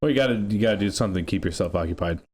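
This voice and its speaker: A young man with a somewhat low voice adds dry, wry remarks to a casual chat. A faint background hiss runs under him. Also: racing, a little mellow. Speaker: podcast co-host.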